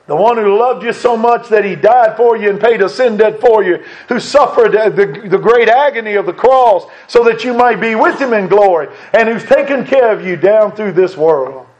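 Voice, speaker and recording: A man's voice: high voice, moderate pace, few pauses, a little mellow, dull audio. A middle-aged man preaching a sermon with fervor, his voice swelling on key lines.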